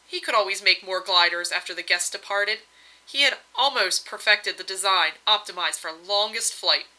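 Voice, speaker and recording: A woman narrating a fantasy story aloud in a gentle, measured way. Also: mid-range voice, poor audio. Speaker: reader.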